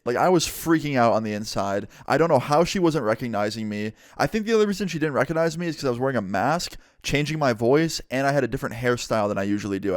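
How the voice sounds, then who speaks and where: A young man, a vlogger, telling a story in a casual, animated way with some swearing. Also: mid-range voice, clear, resonant tone, no echo, clean studio sound. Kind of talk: storytime vlog.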